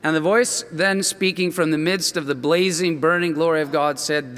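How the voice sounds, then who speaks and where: A man's voice: on the high side, fairly even intonation, moderate pace, hardly any pauses, a bit bright, long reverb tail. A man preaching a sermon as a story, earnest and emphatic, often restarting his phrases.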